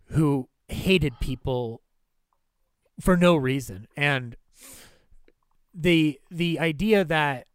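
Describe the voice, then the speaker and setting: A man chatting on a film podcast, voice sitting a bit high and recorded dry and close. He gets excitable, swears freely, and jumps into voicing movie characters as he retells scenes. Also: drawn-out words, pauses often, clean tone, dry recording. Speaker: podcast host. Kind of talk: casual film podcast chat.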